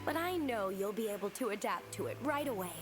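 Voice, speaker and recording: An actress playing a friendly, encouraging woman at an academy, gently playful in a video game. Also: medium pitch, expressive, a little fast, lightly acted. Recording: game dialogue over music.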